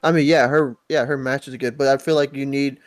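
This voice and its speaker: Podcast co-host, man, mid pitch, relaxed thinking-aloud delivery. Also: fairly quick. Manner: easygoing, thinks out loud. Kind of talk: casual wrestling chat.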